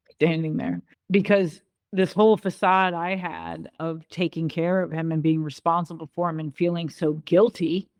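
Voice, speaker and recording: A middle-aged woman telling a painful personal story in an interview, halting and emotional with restarts. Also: lowish voice, a little mellow, no room sound. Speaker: guest.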